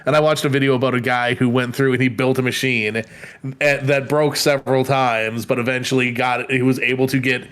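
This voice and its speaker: A man's voice: medium pitch, little pitch movement, fairly quick, a bit bright, clean tone. A man co-hosting a live podcast stream, chatting casually and rambling through stories between laughs. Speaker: podcast co-host.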